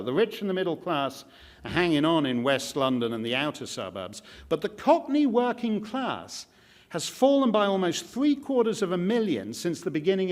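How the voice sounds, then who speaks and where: A man gives a keynote speech in an auditorium, his pitch sitting a touch high and swinging widely from line to line. His delivery is sardonic and jokey, full of asides. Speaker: keynote speaker. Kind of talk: public speech.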